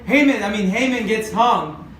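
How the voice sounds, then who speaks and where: A man's voice: high-pitched, expressive, moderate pace, fairly bright tone. A man preaching a casual youth-group sermon, retelling a Bible story in a loose, conversational way with many fillers. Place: church youth group room. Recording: very echoey room, distant mic, faint noise.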